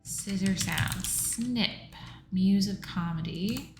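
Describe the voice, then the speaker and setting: Slow, musing woman in a roomy space. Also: mid-range voice, soft background music. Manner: reads clues aloud and muses over answers. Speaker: livestreamer solving a crossword. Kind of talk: casual think-aloud solving. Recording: roomy echo.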